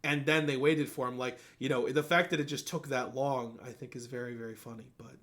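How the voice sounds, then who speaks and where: Speaking a little fast in a mid-range voice, a male podcast host spins a story during a relaxed chat, cursing liberally and performing the quotes with animated flair.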